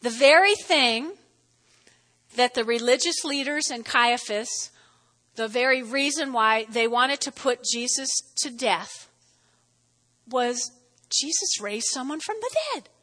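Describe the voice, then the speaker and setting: A woman pastor giving a lively sermon in a church, playful and exclamatory with chatty asides. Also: fairly high pitch, slow pace, long pauses. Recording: long reverb of a large hall.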